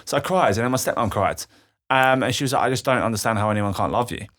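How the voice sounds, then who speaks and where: A man's voice: lowish voice, fast, fairly bright tone. A young man, a podcast guest telling a candid personal story with emotion, swearing freely. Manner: emotional, swears freely, acts out quoted voices.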